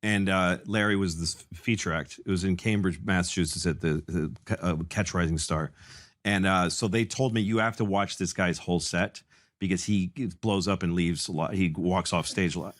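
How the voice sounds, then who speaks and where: A middle-aged man telling a comedy story in casual chat, acting out other people's lines. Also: moderate pace. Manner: animated, acts out quotes in high squeaky voices.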